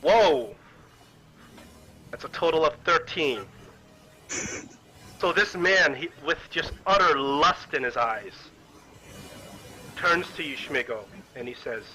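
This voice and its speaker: A man narrating as game master of a tabletop game, telling the story quickly with frequent stumbles and restarts. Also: on the high side, bright, forceful tone, a little hiss or hum, rough recording.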